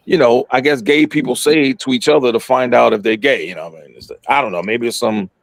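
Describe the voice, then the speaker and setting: A middle-aged man telling a story in casual podcast chat, animated and profane, acting out what people said. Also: mid-range voice, fast talker, gravelly, no room sound. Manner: animated, profane, acts out quotes.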